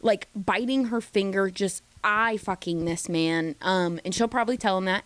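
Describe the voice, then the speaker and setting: A woman recapping a reality dating show in a chatty, gossipy way, slipping into quick mimicked voices of the cast. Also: mid-range voice, no room sound. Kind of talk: casual recap commentary.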